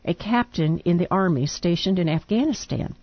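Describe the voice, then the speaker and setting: A woman with a fairly low voice reads a listener's letter aloud on a radio show, in a humorous, laughing way. Her voice is recorded dry and a little dull, with no room sound around it. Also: expressive, normal speed, no room sound. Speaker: radio co-host.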